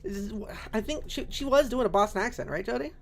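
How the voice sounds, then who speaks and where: A woman's voice: fairly high pitch, expressive, fast talker, creaky. A woman from New England chatting casually while playing a game on stream, talking in a rambling way full of fillers. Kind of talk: casual let's-play chat.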